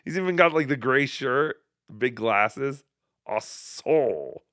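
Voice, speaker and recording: A man's voice: mid-range voice, expressive, slow pace, fairly bright tone, no echo, studio quality. A male podcast host giving mocking, sarcastic commentary on clips.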